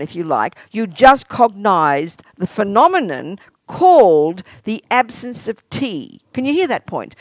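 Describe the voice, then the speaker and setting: A woman's voice: fairly high pitch, no room sound. A woman meditation teacher giving a spiritual teaching talk, asking her listeners questions and acting out everyday exclamations to make her points. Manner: animated, asks listeners many rhetorical questions. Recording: dull lo-fi dry recording.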